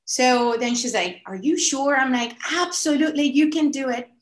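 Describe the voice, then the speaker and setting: A woman telling a story casually on a podcast, animated and full of "like" fillers. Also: high voice, moderate pace. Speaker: podcast guest. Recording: echoey room.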